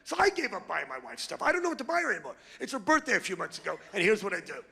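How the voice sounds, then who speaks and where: A brash male stand-up comedian works the crowd on a club stage, his voice gravelly and sharply bright. The live hall carries a long reverb. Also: high voice, huge pitch swings, racing. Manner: brash, crude, crowd work.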